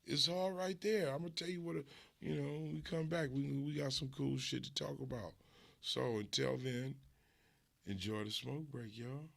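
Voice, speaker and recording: A man's voice: medium pitch, fairly even intonation, moderate pace, gravelly. A middle-aged man hosting a show, telling stories in a laid-back, profane way. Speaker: host. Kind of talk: casual storytelling.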